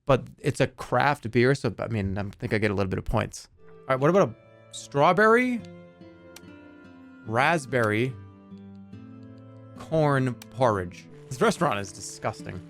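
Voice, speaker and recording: A man streaming a game, chatting casually with his chat in an animated, joking way. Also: medium pitch, measured pace, gravelly, pauses often, faint music behind.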